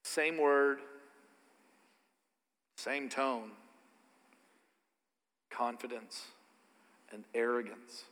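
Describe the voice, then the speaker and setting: A man preaching a sermon as pastor, swinging from soft asides to loud, emphatic peaks. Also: mid-range voice, extremely slow, long pauses. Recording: long hall reverb.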